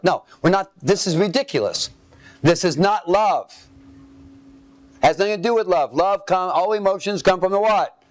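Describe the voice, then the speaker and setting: A man preaching a sermon, reading scripture aloud and asking his listeners to fill in the missing words. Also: on the high side. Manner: asks fill-in-the-blank questions of listeners; reads scripture aloud, then comments.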